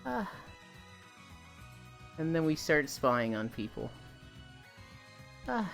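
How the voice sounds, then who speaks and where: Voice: medium pitch, big pitch swings, slow pace, vocal fry, soft background music. A streamer chatting casually and rambling on a live stream while walking, swearing freely as they talk.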